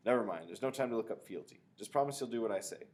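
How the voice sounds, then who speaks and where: A man's voice: fairly low pitch, lively intonation, racing, darkish tone, pitched above the performer's own voice, lightly acted. A man voicing a clever, bossy little boy who leads a secret quest and gives grandly formal orders.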